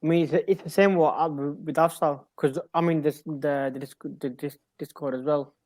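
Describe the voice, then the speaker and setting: A man's voice: a little high, fairly even intonation, a little mellow, no room sound. A man in casual podcast chat, hesitant and restarting his sentences. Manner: hesitant, restarts, quick agreement. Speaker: podcast co-host.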